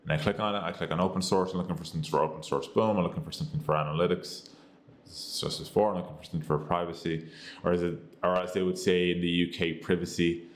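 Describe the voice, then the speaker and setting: Deep-voiced rambling American guy. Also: steady tone, rapid-fire. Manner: rambling, filler-heavy, says "boom" and "you get the idea". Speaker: tech reviewer. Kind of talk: casual screen-recorded app review.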